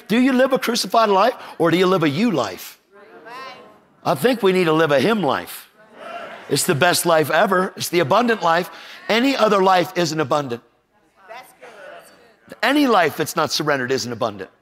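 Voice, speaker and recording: A middle-aged man preaches with restless energy, slipping into the voices of the people in his story and teasing his listeners. His voice sits a little high for a man. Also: moderate pace, long pauses. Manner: energetic, acts out quoted voices, jokes with the audience. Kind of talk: storytelling sermon.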